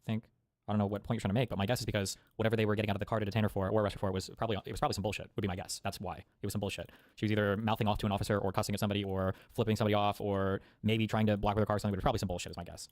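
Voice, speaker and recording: Rapid-fire man streaming commentary. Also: fairly low pitch, little pitch movement, no room sound, studio quality. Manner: rapid, profane, argumentative, thinking aloud. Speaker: live streamer reacting to chat. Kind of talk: live reaction commentary.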